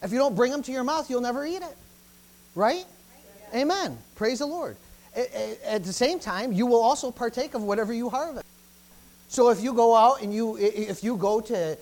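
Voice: medium pitch, expressive, normal speed, darkish tone. Emphatic preacher giving a sermon. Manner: emphatic, peppered with "praise the Lord" and "amen"; repeats phrases in driving runs.

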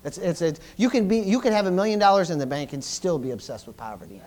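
Halting, fervent preacher man with a higher voice. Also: lively intonation. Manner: halting, repeats words, swings between loud and soft. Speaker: pastor. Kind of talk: sermon.

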